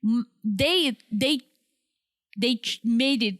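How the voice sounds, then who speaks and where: A woman co-hosts a casual podcast. Her voice sits a little high, and she gives blunt opinions and laughs easily. The sound is dry and close to the mic. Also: takes it slowly, fairly bright tone, dry recording. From Czech Republic. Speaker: podcast co-host. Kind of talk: casual chat recapping a reality show.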